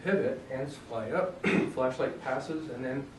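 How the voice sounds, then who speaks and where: A man coaching strikes in a loose, joking, hands-on way, stopping now and then to clear his throat. His voice comes from well away from the mic, bouncing around a roomy space, with a faint hum of ambience behind him. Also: medium pitch, unhurried, far from the mic. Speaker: self-defense instructor. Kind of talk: casual demonstration lesson.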